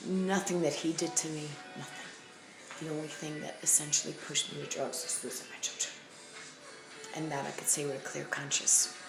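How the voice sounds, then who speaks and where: A woman's voice: sits low, fairly even intonation, fairly quick, creaky. A woman from the Bronx, telling her own story to her viewers bluntly and emphatically, repeating phrases for weight. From the Bronx, New York. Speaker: vlogger. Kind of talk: candid personal storytelling to camera. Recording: echoey room with faint music.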